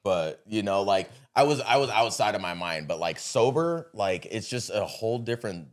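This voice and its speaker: A man with a fairly low voice talks as a podcast guest in a loose, unfiltered way. He curses often and circles back over his words, restarting his sentences. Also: lively intonation, normal speed. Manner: blunt and profane, rambling with restarts. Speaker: podcast guest, business owner. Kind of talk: casual conversation.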